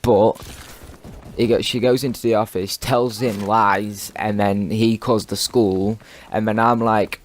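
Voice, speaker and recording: Teen lad ranting over cod gameplay, lowish voice, swears loads, keeps restarting. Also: male voice, flat delivery, unhurried. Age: teens. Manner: rambling, swears constantly, lots of restarts. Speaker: gaming video commentator. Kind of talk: casual rambling storytelling over gameplay.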